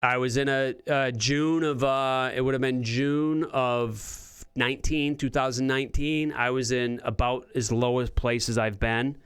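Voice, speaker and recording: Smooth-voiced man telling a rambling story. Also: medium pitch, steady tone, unhurried, hardly any pauses. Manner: rambling, self-interrupting storyteller. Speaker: comedian guest. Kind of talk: casual storytelling chat.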